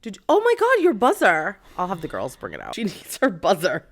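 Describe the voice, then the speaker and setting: A woman's voice: on the low side, wildly swooping pitch, fairly quick. A woman co-hosting a podcast, chatting casually in a laid-back, agreeable, playful way. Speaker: podcast co-host. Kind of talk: casual chat.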